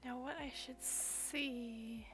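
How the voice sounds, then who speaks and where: A woman streaming while she sculpts doll hair, talking quietly and often half-whispering as she thinks aloud at home at night. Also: fairly high pitch, steady tone, very slow, music in the background. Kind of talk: quiet casual stream commentary.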